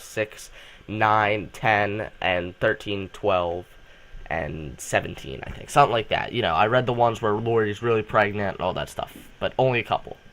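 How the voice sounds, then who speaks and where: A young man, a student, hosting a casual fan vlog, rambling excitedly with lots of fillers and restarts while coming down with a cold. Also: medium pitch. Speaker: channel host.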